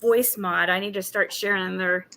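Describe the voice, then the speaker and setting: A woman's voice: medium pitch, fairly even intonation, moderate pace, bright, forceful tone. A woman chatting casually on a stream, rambling and hedging as she talks.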